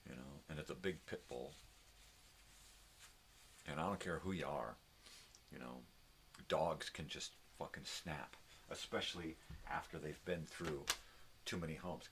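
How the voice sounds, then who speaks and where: A man's voice: rumbling low, moderate pace, gravelly, long pauses, a bit bright, a little hiss or hum. An older man hosting a casual morning video from his home, coaxing his dogs and ranting with a lot of profanity. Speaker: vlog host.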